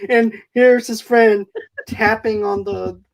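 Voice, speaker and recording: A man's voice: high-pitched, flat delivery, takes it slowly, creaky. Man, podcast host, casual movie review chat, rambling recap, restarts. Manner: rambling retelling with fillers and restarts.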